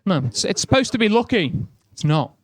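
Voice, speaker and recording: A man's voice: high-pitched, sing-song, fairly quick, dry recording, studio quality. A young man with a Liverpool accent doing a stand-up comedy set in a chatty, self-mocking way.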